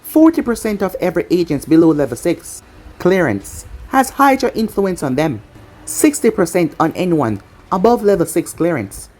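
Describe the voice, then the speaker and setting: A cocky, overpowered young ninja man, casual and matter-of-fact in a storybook reading, as a woman narrator reads his lines. The voice sits low for a woman, and it swings a lot in pitch. It has a husky edge. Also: very animated, moderate pace, a little mellow.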